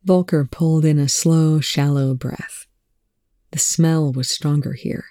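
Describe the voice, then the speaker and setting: A narrator reading fan fiction aloud with a measured, hushed sense of suspense. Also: medium pitch, steady tone, no room sound, clean studio sound.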